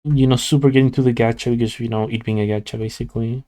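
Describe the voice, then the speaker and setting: A man's voice: medium pitch, fairly even intonation, fast talker, dark tone. A sleepy young man streaming, chatting casually with his viewers and rambling with lots of "like" fillers and restarts. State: sleepy, yawning. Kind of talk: casual chat with live chat while drawing.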